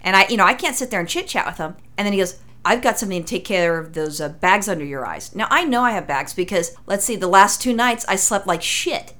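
A woman's voice: mid-range voice, lively intonation, fast, few pauses, fairly bright tone. A woman co-hosting a podcast in casual chat, chatty and blunt, swearing freely. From Italian heritage. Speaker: podcast co-host.

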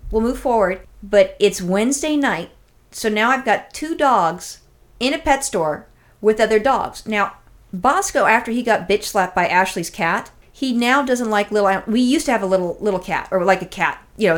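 A woman co-hosting a podcast, telling a long, rambling story in casual chat, swearing freely and acting out what people said. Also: mid-range voice. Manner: rambling, profane, animated storytelling with acted-out quotes. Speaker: podcast co-host.

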